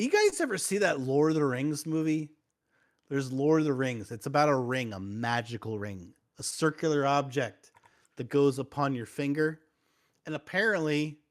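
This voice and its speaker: A man in casual chat, telling a loose, rambling stand-up story as a guest. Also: mid-range voice. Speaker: comedian guest.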